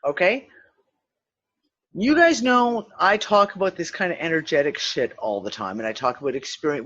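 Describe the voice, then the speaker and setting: A woman hosting a casual discussion, telling a story with swearing and acted-out quotes. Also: lowish voice. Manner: animated, profane, acts out quotes. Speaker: host of a spiritual discussion show. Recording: slightly dull lo-fi sound.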